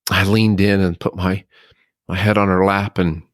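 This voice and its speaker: A middle-aged man speaks low and deep as he recounts a personal loss on his podcast. He talks haltingly, restarting often, his voice full of feeling. The sound is close and dry, with no room echo. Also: little pitch movement. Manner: halting, emotional, many restarts. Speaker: podcast host. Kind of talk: personal storytelling.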